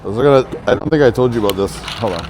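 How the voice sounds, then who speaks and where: A man's voice: medium pitch, rapid-fire, music in the background. A man hosting his own channel, telling a rambling, profane story to camera with lots of filler words. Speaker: fitness trainer and channel host.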